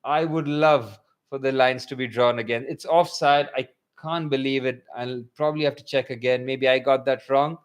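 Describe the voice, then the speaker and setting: A young man giving excitable live match commentary for a fan watchalong, swinging from calm play-by-play to loud bursts. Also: medium pitch, moderate pace, hardly any pauses, clean tone.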